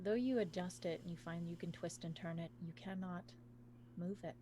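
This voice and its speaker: A woman narrating as game master of a tabletop game, in a low, measured way. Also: dark tone, a little hiss or hum.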